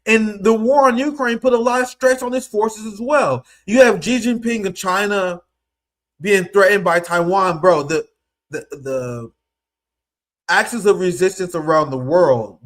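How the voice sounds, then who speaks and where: On a live stream, a man from the American Midwest offers emotional political commentary, sounding fed up and near tears, with casual swearing throughout. His voice is high and a bit bright.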